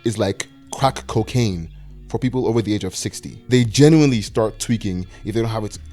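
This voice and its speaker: A man's voice: lowish voice, a little fast, dark tone, soft background music. Wry, anxious twenty-one-year-old man. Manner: wry, self-deprecating, anxious rambling. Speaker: video essayist. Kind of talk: scripted video essay narration.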